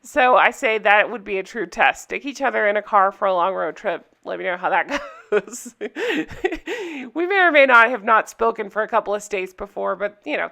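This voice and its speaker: A woman's voice: medium pitch, creaky, pushed and bright. A woman recapping a reality TV episode for her viewers in casual chat, candid and chatty, laughing often.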